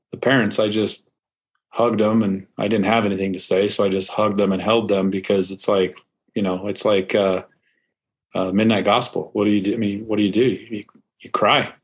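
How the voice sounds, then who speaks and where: A man's voice: fairly low pitch, fairly even intonation, normal speed, breathy edge. A man co-hosting a podcast, speaking in a casual, earnest and supportive way. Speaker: podcast co-host. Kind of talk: casual chat.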